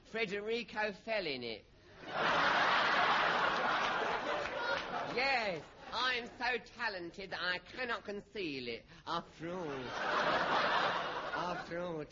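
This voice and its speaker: A self-adoring film director speaks slowly and grandly, his high voice swooping up and down. The old radio recording is dull and muffled under a loud hiss. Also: lively intonation. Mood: boastful. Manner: grandiose and self-admiring, drawing out his words. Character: vain, flamboyant male Italian film director. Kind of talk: 1960s radio comedy acting.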